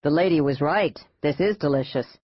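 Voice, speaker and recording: A man's voice: a little high, normal speed, no room sound, close to an everyday voice. A woman reading an audiobook, voicing a persistent male private investigator who speaks in polite, clipped, probing lines. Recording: dull dry lo-fi audiobook.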